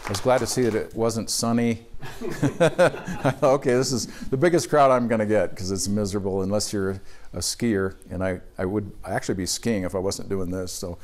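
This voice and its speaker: An older man with a lowish voice speaks casually to a roomful of people at a birding workshop. He is relaxed and self-amused, often pausing on fillers as he tells stories. He is from Wisconsin. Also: a little hiss or hum. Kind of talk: casual lecture to a live audience.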